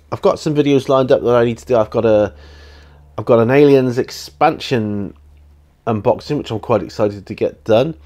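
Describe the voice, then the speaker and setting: On his hobby YouTube channel, a man talks casually to the camera from his home studio, picked up by the camera mic. His voice is a bit mellow and on the low side, and he rambles with restarts and fillers.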